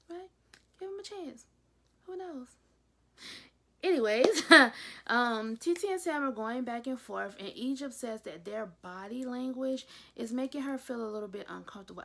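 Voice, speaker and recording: A woman's voice: a little high, vocal fry. A young woman chatting casually through a TV episode recap as a reviewer, retelling scenes with gossipy asides. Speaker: YouTube reviewer.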